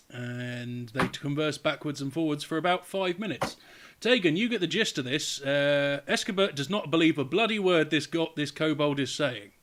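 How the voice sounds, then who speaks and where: A man's voice: on the high side, a bit bright. A man narrating as game master of a tabletop game, casual and sweary.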